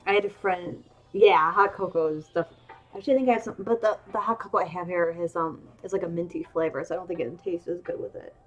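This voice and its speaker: A woman's voice: on the low side, fairly even intonation, quick pace, dull audio. A woman streamer chatting casually while she draws, rambling along with lots of ums and restarts. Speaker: streamer drawing emotes. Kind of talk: casual chat while drawing.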